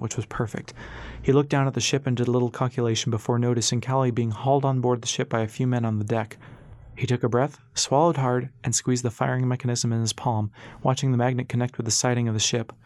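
A man narrating an adventure story in a steady, expressive audiobook style. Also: medium pitch, no echo.

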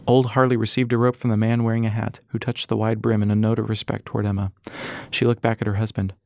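A man narrating an audiobook in a steady, even manner. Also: on the low side, fast talker, gravelly, no echo, studio quality. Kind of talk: scripted narration.

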